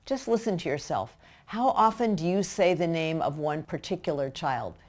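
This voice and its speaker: A woman with a notably low voice speaks straight to parents. Her advice is plainly practical, and her manner is direct and instructive. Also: expressive, moderate pace, darkish tone. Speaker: parenting educator.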